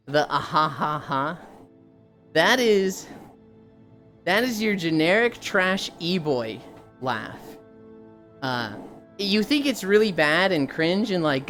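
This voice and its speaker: A woman's voice: medium pitch, fairly bright tone. A young woman streamer chatting casually with her viewers, telling stories animatedly and slipping into mocking impressions. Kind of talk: casual chat with chat readers.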